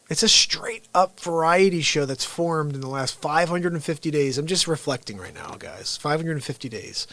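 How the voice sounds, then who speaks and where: A man hosting his own unscripted livestream, chatting casually in an excitable, rambling way with frequent restarts. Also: a little high. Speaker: livestream host and impressionist.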